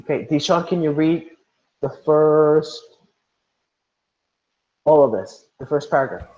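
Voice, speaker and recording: A man's voice: on the high side, unhurried, dark tone. Male teacher on a roomy, dull call. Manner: repeats instructions, calls students by name. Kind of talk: online class teaching.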